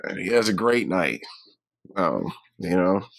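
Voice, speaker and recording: A man's voice: deep voice, very animated, measured pace, vocal fry, no echo. A man co-hosting a film review podcast, chatting loosely, laughing often, and acting out characters' lines. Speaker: podcast co-host. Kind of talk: casual film review chat.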